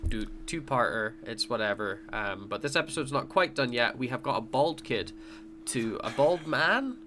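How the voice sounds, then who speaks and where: A man's voice: medium pitch, moderate pace, bright, forceful tone, a little hiss or hum. A man co-hosting a podcast, chatting casually and rambling as he recaps scenes, laughing often. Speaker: podcast co-host. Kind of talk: casual review chat.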